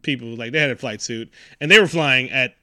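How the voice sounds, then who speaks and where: A man recapping a movie in casual chat, animated and profane, acting out lines from the scenes. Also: medium pitch, brisk, dry recording, clean studio sound. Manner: animated, profane, acts out quotes in silly voices. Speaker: podcast co-host.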